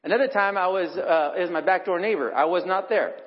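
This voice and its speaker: A man's voice: sits high, fast. A middle-aged man preaching a sermon, telling personal stories in a conversational way and acting out what people said. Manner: conversational storytelling, acts out quotes. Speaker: pastor. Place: church hall. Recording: dull recording in a reverberant hall.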